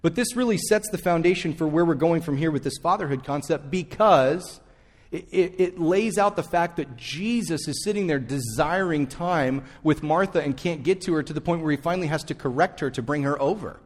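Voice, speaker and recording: A man's voice: fairly high pitch, normal speed. Man preaching in a long church reverb. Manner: conversational, speaks straight to the congregation; repeats key phrases for emphasis. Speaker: pastor. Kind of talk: sermon.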